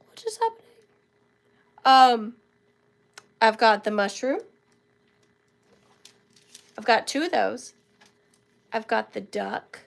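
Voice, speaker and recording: A woman's voice: on the high side, vocal fry. A woman hosting a live-stream sale, chatting fondly with viewers and thanking them by name while she feels a bit unwell. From southern United States. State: feeling unwell. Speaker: live-stream auction host. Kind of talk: casual live-stream selling chat. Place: home workspace.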